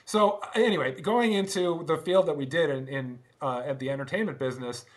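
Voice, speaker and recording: A middle-aged man speaking as an interview guest, telling stories in a casual, animated way, laughing often and restarting his sentences. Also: a little high, brisk. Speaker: guest, former band drummer. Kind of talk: casual conversational storytelling.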